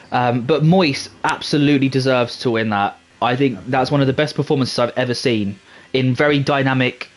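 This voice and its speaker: Upbeat man calling race results. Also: medium pitch. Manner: upbeat, reads results in a quick list. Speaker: race commentator. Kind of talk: post-race commentary.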